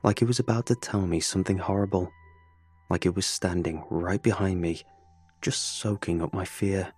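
A man narrating a first-person horror story in a tense, low-key way. His voice is fairly low and husky. Faint music plays under his telling. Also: steady tone, moderate pace, a little mellow.

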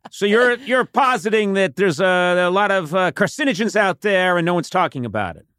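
A man hosts a casual chat, playful and teasing with his guest. His voice runs high and swoops around a lot, with a bright tone. The recording is close and dry. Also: expressive, normal speed, clear, resonant tone, no echo. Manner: playful, teasing, breaks into laughter. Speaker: podcast host.

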